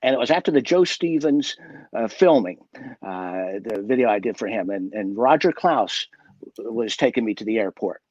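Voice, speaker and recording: A man's voice: fairly low pitch, expressive, moderate pace, darkish tone, no echo, muffled recording. A man, a guest magician, telling a story in a chatty way, with many fillers, restarts and laughs, heard over a video call. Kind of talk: casual storytelling.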